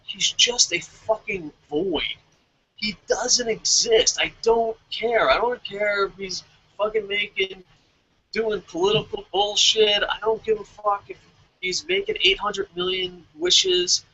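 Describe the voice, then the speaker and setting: A man's voice: sits high, slow pace, vocal fry, pushed and bright, slightly rough, highs cut off. A man ranting with heavy profanity and exasperation on a casual wrestling podcast. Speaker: podcast co-host.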